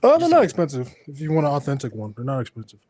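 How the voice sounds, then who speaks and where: A man's voice: medium pitch, wildly swooping pitch, rapid-fire, mellow. A man co-hosting a casual podcast, laid-back and swearing casually. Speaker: podcast co-host. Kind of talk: casual chat.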